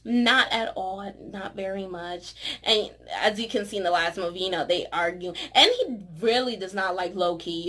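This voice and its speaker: A woman talking casually and excitedly in a vlog review, filling her talk with "you know" and "like". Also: on the low side. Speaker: movie reviewer.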